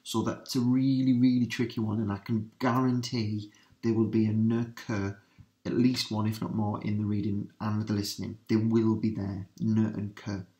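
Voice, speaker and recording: Lower-voiced teacher, repetitive emphasis. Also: male voice, flat delivery, warm tone. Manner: repeats key words for emphasis, breaks into slow French examples. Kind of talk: revision lesson.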